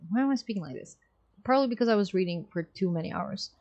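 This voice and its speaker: A young woman streamer talks casually into a desk microphone, breaking off from reading a game to comment on it. Her asides are chatty and self-mocking, at an easy middle pitch. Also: animated, fast, a little mellow.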